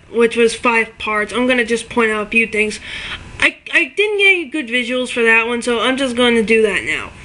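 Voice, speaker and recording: A woman with a high, bright voice rants at the camera in an unscripted video. She talks with exasperated emphasis and keeps pressing her points home with little check-ins for agreement. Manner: exasperated and emphatic, tagging points with "okay?" and "all right?". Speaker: video ranter.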